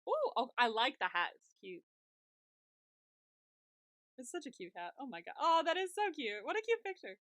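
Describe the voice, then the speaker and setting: A woman's voice: sits high, big pitch swings, normal speed, pauses often, fairly bright tone, no room sound, clean studio sound. A woman co-hosting a podcast, chatting casually and gushing, swearing freely and laughing often. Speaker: podcast co-host. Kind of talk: casual recap chat.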